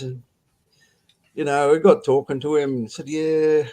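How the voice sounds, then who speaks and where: An older Australian man telling a rambling, halting story over a video call, swearing and laughing as he goes. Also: fairly high pitch, level tone, dark tone. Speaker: guest storyteller. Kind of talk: casual storytelling on a live stream.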